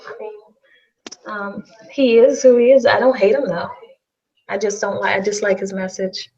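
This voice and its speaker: A woman's voice: medium pitch, little pitch movement, normal speed, darkish tone, slightly rough. A woman speaking in a middle register who sounds defensive and insistent, going back over the same words. Her voice comes through a muffled, lo-fi online voice chat. She argues her case in a heated discussion. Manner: defensive, insistent, repeats herself. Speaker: guest defending herself in a livestream debate.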